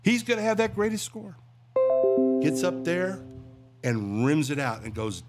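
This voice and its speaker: A man's voice: mid-range voice, big pitch swings, unhurried, pauses often, faint music behind. A man who works in radio and voiceovers, a guest chatting casually and telling jokes with acted voices. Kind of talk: casual chat and joke-telling.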